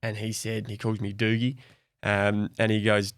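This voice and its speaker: A man's voice: fairly low pitch, completely flat delivery, normal speed, no echo, clean studio sound. A young Australian man speaking openly and reflectively as a guest in a podcast conversation. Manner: open, reflective, soft-spoken.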